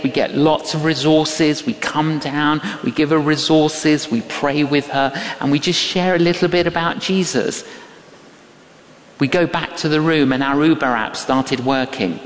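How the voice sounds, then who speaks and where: A man's voice: a little high, a little slow. An older man preaching a sermon, telling stories and acting out the voices of people in them with emphasis. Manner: animated, emphatic, acts out quoted voices. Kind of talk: sermon with storytelling. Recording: long reverb of a large hall.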